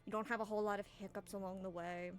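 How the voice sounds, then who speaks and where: A woman's voice: mid-range voice, flat delivery, quick pace. Lady gm narrating a tabletop game, super casual and rambly, bit of music behind. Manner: casual, rambling, with fillers and laughs. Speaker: game master.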